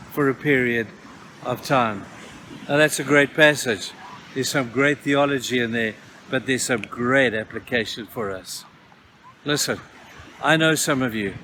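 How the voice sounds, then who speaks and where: A man's voice: mid-range voice, measured pace, sharp tone, a little hiss or hum. A man preaching a devotional talk outdoors at a beach, telling scripture stories and acting out their voices. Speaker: pastor.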